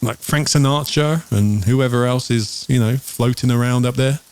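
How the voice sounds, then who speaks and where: A man's voice: medium pitch, fairly even intonation, normal speed, a little mellow, clean tone, dry recording. A man hosting a whiskey podcast who banters with his co-hosts. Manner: friendly, bantering. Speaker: podcast host. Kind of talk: casual chat.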